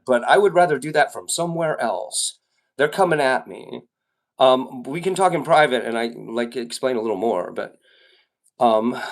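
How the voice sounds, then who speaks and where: A man live-streaming, telling a long rambling story to his chat, with lots of fillers and swearing. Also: a little high. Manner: rambling, profane, with many fillers and restarts.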